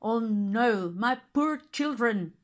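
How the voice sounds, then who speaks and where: A woman voicing a weak, sorrowful father in a storybook reading, gentle and regretful. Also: fairly high pitch, animated, takes it slowly.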